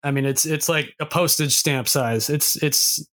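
A man's voice: on the high side, measured pace, a bit bright. A man from Boston with no local accent, co-hosting a podcast in casual, rambling chat with some swearing. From Boston, USA. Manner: rambling, profane, full of restarts. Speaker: podcast co-host.

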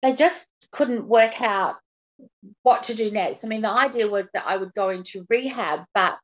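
A woman's voice: a little high, normal speed. A woman guest on a podcast, speaking openly and earnestly about her own hardships in a candid interview. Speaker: podcast guest, patient advocate. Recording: dull lo-fi audio.

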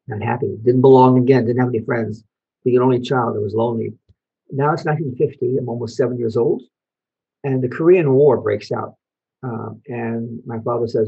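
The voice is a man's, medium in pitch, gravelly and husky, with fairly even intonation and lo-fi sound. He is an elderly Belgian Holocaust survivor relating his life story to an audience in a testimony talk, showing photos, asking questions and leaving short pauses.

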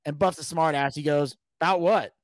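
This man's voice is on the high side and moderately paced, and the recording is dry. He's a podcast guest telling a long story casually, swearing a lot and animatedly acting out what others said.

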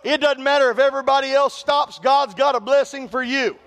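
A male pastor with a drawl and a high voice. He preaches in a call-and-response way, teasing the congregation with humorous stories and calling for them to answer back. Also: steady tone, fairly quick, fairly bright tone, big-room sound. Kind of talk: sermon.

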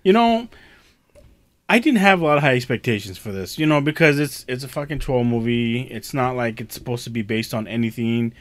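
A man's voice: medium pitch, fairly quick, dry recording. A man co-hosting a casual chat, telling stories with lots of swearing and laughter. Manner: profane, laughs often, animated storytelling. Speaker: podcast co-host.

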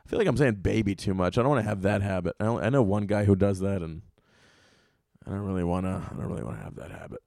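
A man's voice: fairly low pitch, fast talker, darkish tone, no echo, clean studio sound. A young adult man hosting a podcast, ranting comically in a profane, rambling way. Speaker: podcast host. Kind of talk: comedic solo rant.

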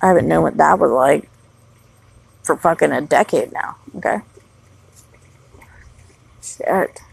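A woman in her thirties talks outdoors at night in a rambling solo vlog, blunt and swearing constantly. Her voice is deep for a woman, very husky and thick with gravelly fry. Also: slow, no room sound, low-quality recording. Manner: blunt, heavily profane rambling talk. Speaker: mother of young children. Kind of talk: casual solo vlog monologue.

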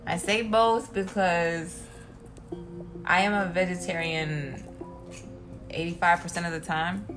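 A young woman co-hosting a podcast in casual chat, animated and quick to laugh, jumping up into excited high notes. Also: music in the background. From Asian descent, Korean heritage. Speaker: podcast co-host.

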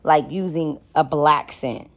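A woman's voice: low voice, slow pace. Frank, profane woman podcast host. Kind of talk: casual solo podcast talk.

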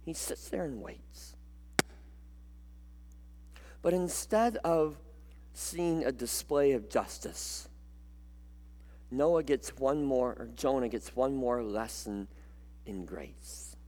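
Animated male preacher in an echoing hall. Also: medium pitch. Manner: animated, repeats words, dramatic pauses. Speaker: pastor. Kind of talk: sermon.

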